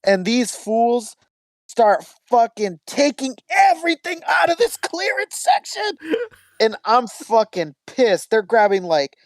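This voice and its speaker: A man's voice: very high-pitched, slow, dry recording. Profane storytelling man, dry close mic. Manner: profane, animated storytelling with acted quotes. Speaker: podcast host. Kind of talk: casual chat.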